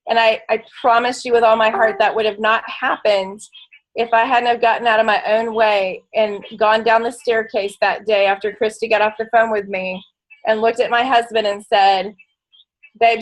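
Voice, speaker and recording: A woman's voice: a little high, poor audio. A middle-aged woman leading a motivational business training, telling her story in a heartfelt, emotional way. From United States. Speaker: network marketing leader.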